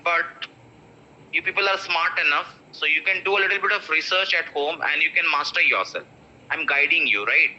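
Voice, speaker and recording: A man in his thirties with an Indian English accent, teaching pronunciation in an online class and repeating each word slowly. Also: a little high, pushed and bright. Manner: repeats words slowly for drills, mixes in Hindi. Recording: dull lo-fi online-class audio.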